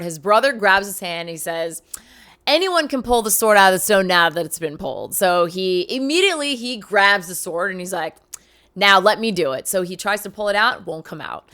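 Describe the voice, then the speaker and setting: A woman casually retelling a film's plot as a reviewer, chatty and enthusiastic, tossing in quick character quotes. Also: mid-range voice, a bit bright. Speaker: movie reviewer.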